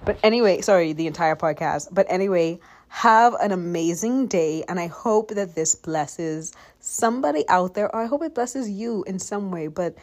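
A woman's voice: lowish voice, normal speed, hardly any pauses, darkish tone. A woman giving a chatty, apologetic introduction to her podcast episode.

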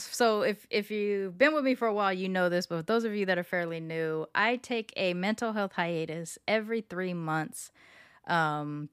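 A woman hosting her podcast in a low, smooth voice that sounds dry and close to the mic. She talks casually and openly, chatty and frank, with plenty of ums and uhs. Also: dry recording. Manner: candid and chatty, with frequent fillers. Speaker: podcast host. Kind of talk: casual solo podcast talk.

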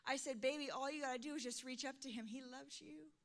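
A middle-aged woman pastor preaching a sermon, swinging from soft, intimate lines to loud, emphatic calls. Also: sits high, quick pace.

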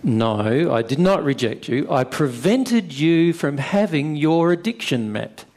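A man explaining ideas in conversation, stressing key points and slowing down for emphasis. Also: on the high side, animated, a little mellow. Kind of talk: conversational teaching.

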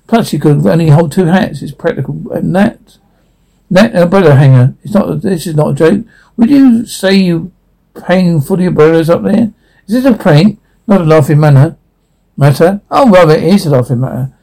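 A man's voice: fairly high pitch, expressive, normal speed, vocal fry, mellow, poor audio. A man reading a cartoon script aloud, switching between character voices, reading out the stage directions and stumbling into frequent restarts. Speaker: script reader.

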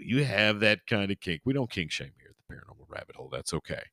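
A man's voice: on the low side, big pitch swings, fast talker, hardly any pauses, bright, forceful tone, no echo, studio quality. A man hosting a paranormal podcast, retelling a story with goofy, irreverent asides. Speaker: podcast host.

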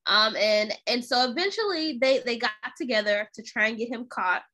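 A young woman co-hosting a podcast, retelling a story in animated, slangy casual chat. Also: fairly high pitch, normal speed. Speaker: podcast co-host.

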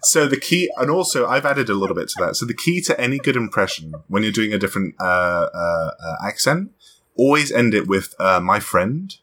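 Animated husky man chatting. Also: on the low side, fairly quick. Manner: animated, laughs often. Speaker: podcast host. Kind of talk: casual chat.

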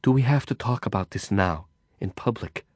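A man's voice: on the low side, animated, normal speed, no room sound, studio quality. A man voicing a guarded, tired young woman in an audiobook who speaks firmly and in clipped phrases. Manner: firm, clipped, snapping. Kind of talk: audiobook character voice.

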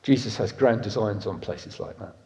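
A man in his fifties preaching a sermon, swinging from loud emphatic lines to soft, intimate ones. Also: fairly low pitch, normal speed. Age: 50s. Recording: echoey hall reverb.

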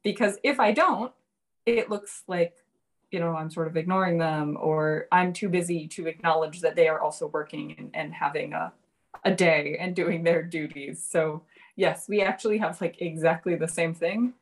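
A woman guest in a casual interview, a language teacher explaining things in a relaxed way with many fillers. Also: low-pitched, normal speed.

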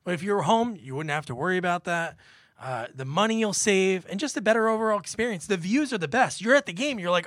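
A man's voice: high voice, animated, fast talker, fairly bright tone, dry recording, clean studio sound. A man arguing his side in a casual podcast debate, joking and building scenarios. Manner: jokey, builds scenarios to argue his case. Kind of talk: casual argumentative banter.

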